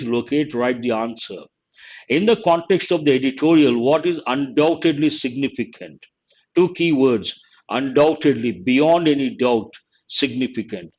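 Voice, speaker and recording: A man's voice: mid-range voice, darkish tone. A man teaching English, reading a newspaper editorial aloud and stopping to explain words and phrases one by one. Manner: reads a sentence then glosses words slowly. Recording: dull lo-fi recording.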